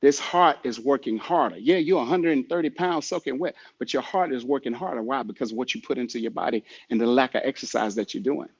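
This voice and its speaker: A man's voice: medium pitch, quick pace, hardly any pauses, slightly rough, lo-fi sound. A man hosting a podcast who talks in a preachy, repetitive way and urges the listener directly. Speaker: podcast host. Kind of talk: motivational podcast talk.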